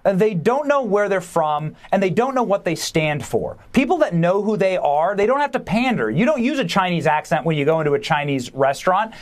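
A man with a fairly high voice speaks as a guest commentator on a news show. He argues emphatically and quickly, preaching his point with rising conviction. His delivery is pointed and sure of itself. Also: very animated. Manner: emphatic, preachy and fast-talking. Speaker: podcast host and guest commentator. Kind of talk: political commentary.

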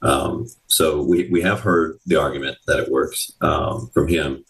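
Very deep-voiced halting male reporter. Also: fairly even intonation, fairly bright tone, far from the mic, rough recording. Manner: halting, repeats words and restarts often. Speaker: investigative reporter, interview guest. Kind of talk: radio news interview.

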